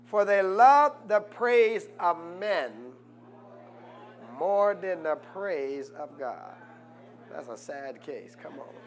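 Man, pastor, high voice, fervent call-and-response sermon, loud peaks and quiet asides. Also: expressive, takes it slowly. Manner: rises to loud preaching, asks congregation "what?".

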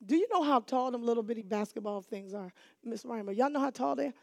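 A middle-aged woman telling a lively, dramatic testimony to a church audience. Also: on the high side, fast, creaky, dry recording, clean studio sound. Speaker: church speaker giving a testimony. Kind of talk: animated testimony storytelling.

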